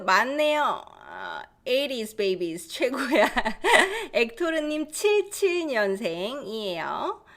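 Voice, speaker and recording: A woman in her thirties teaching Korean on a live stream, reading out viewers' comments and laughing often, slowing down to explain phrases. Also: on the high side, a bit bright. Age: 30s. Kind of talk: live-stream language lesson.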